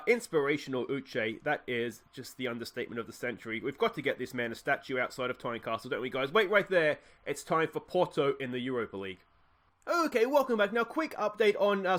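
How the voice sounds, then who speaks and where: A man casually commentating his football management game, cheering goals loudly and thinking aloud about tactics. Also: on the high side. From Australia. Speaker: gaming YouTuber playing a football management game.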